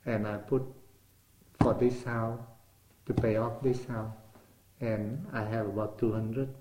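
Speaking slowly in a lowish, fairly even voice, an older Vietnamese interviewee shares his life story in accented English, his second language. He reenacts old exchanges and repeats words while reaching for them. Background noise and a roomy echo fill the recording.

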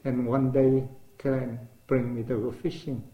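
An older man speaking non-native English with simple grammar, telling his life story as an interviewee in a lively way. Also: mid-range voice, unhurried, reverberant, phone-quality sound. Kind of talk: oral history storytelling.

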